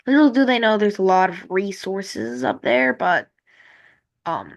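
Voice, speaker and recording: A woman's voice: medium pitch, sing-song, unhurried. A woman casually narrating a map timeline. She rambles and corrects herself as she thinks aloud. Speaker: map-series creator.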